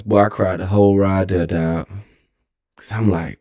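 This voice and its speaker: A man's voice: on the low side, little pitch movement, fairly quick, warm tone. A young man in his twenties with a Texan accent, telling a story as a streamer in a rambling, profane way and often correcting himself. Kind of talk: casual storytelling.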